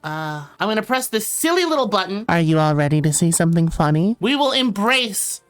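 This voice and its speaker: A woman's voice: fairly low pitch, lively intonation, fast talker, smooth, soft background music. A woman giving casual commentary over a strategy game, joking and rambling and swearing freely as she plays. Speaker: gaming video creator.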